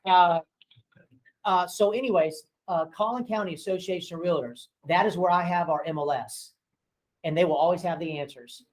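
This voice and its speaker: The audio is poor, and the man's voice is high-pitched at a normal speed. He's a real estate broker and owner leading a relaxed training for his agents, frankly recounting work stories and acting out calls with voices in a chatty, filler-heavy manner.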